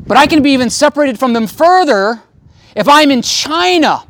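A man's voice: very high-pitched, expressive, moderate pace, a bit bright, no room sound. A man preaching a sermon, pressing his points with repetition and swelling, then dropping his voice for stress. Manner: emphatic preaching, rising and falling for stress. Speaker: pastor. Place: outdoor service near a tent.

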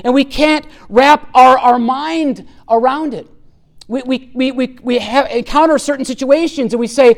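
A man preaching a sermon in an earnest, emphatic way, often dropping his voice low and soft to stress a point. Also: normal speed. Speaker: pastor.

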